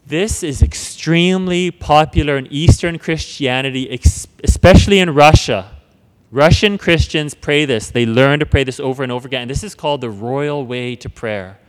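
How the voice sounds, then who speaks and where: Earnest guy teaching about prayer, slightly high voice, long echo like a church hall. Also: normal speed, smooth. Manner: earnest, repeats words and restarts, drops to a hush for prayers. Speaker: preacher.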